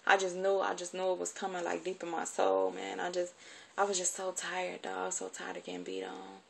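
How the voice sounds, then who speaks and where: Gravelly low-voiced woman telling a story. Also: completely flat delivery, a bit bright. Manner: halting and informal, many fillers. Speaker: vlogger. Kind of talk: personal storytelling.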